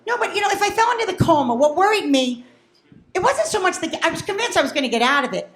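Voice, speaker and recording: A woman's voice: very high-pitched, sing-song, fast, a bit bright. A woman doing a brash, profane stand-up set, acting out her family. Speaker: stand-up comedian. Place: comedy club. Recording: echoey club room.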